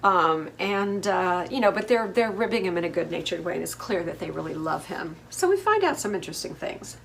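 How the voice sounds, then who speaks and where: A woman's voice: fairly low pitch, big pitch swings, fairly quick, vocal fry, fairly bright tone, slight background noise. A middle-aged woman from the United States hosting a casual TV recap, chatty and opinionated with lots of fillers. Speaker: host.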